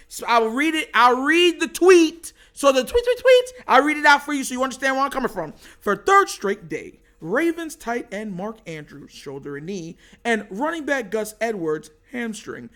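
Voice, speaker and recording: A man hosting a casual sports commentary show, excitable and animated, laughing often. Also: sits high.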